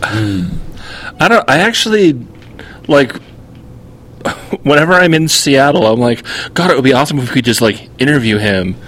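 A man's voice: mid-range voice, a little slow, pauses often. Male podcast co-host, casual and rambling, chatty storyteller. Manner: rambling, heavy use of "like", animated retelling. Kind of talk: casual chat.

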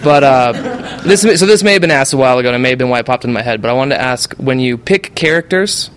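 A man's voice: medium pitch, animated, quick pace, a bit bright, clean tone. Male audience member, hesitant and casual, asking a question. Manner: hesitant, filler-heavy. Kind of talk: casual chat.

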